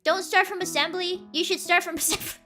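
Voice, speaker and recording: A woman's voice: extremely high pitch, fairly even intonation, fairly quick, bright, forceful tone, faint music behind. A young woman streamer chatting casually and reading chat, rambling and laughing, insisting with repeats.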